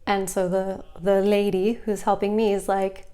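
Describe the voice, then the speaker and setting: A young adult woman vlogging, telling a personal story in a casual, animated way and acting out other people's lines. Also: mid-range voice, unhurried, few pauses.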